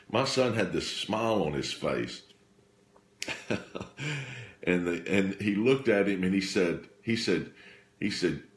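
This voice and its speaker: A deep-voiced man tells a personal faith story with earnest feeling. He stops and restarts himself often, circling back over his phrases. His voice carries a roomy echo. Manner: halting, repeats and restarts phrases; earnest, emotional retelling. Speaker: speaker sharing a faith testimony.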